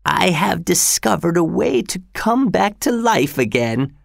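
A man voicing a dying old father with a weak, breathy voice, in an audiobook story. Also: high-pitched, very animated, a little slow, no room sound, clean studio sound, pitched above the performer's own voice, exaggerated voice. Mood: urgent, weak.

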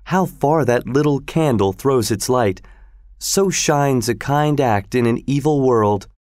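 A man voicing a wise, gracious noble lady who speaks in a measured, dignified way in a storybook reading. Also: medium pitch, expressive, a little mellow, dry recording, clean studio sound, pitched above the performer's own voice, close to an everyday voice. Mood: poised.

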